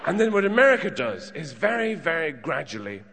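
A man's voice: fairly high pitch, big pitch swings, brisk, bright, forceful tone. A man doing wry stand-up comedy, telling a story as a rant. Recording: long hall reverb.

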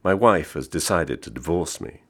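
A man's voice: very deep voice, lively intonation, normal speed, breathy edge, exaggerated voice. A man reading the part of a bored, sardonically joking American man of thirty-five. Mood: wry. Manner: wry, teasing, mock-jovial.

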